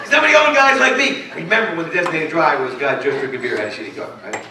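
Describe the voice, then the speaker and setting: A middle-aged man doing a stand-up comedy set with loud, punchy crowd work on a club stage. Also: fairly high pitch, animated, rapid-fire. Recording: echoey club recording from far off, crowd noise. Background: audience laughter and club chatter.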